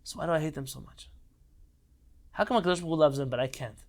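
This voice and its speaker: A man's voice: on the high side, quick pace. A man teaching an online Torah class, speaking with passion and repeating phrases for emphasis over a video call. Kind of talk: heartfelt online Torah lesson.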